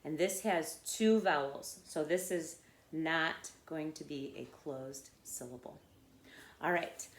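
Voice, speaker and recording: A woman's voice: on the low side, echoey room. A woman teacher giving a patient phonics lesson to children, often checking in with "okay?" and "right?".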